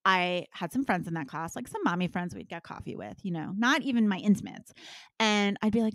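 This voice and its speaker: A middle-aged woman speaking as a guest on a podcast, telling frank stories in an animated way that swings from soft asides to loud bursts. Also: medium pitch, a little fast, dry recording. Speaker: guest, intimacy business owner. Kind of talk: candid podcast interview.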